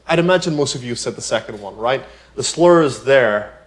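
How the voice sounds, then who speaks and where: A man teaching piano in a relaxed tutorial, talking chattily, with many "you know" asides and rhetorical questions. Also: medium pitch, a little fast. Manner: explains with everyday examples. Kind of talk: casual spoken tutorial.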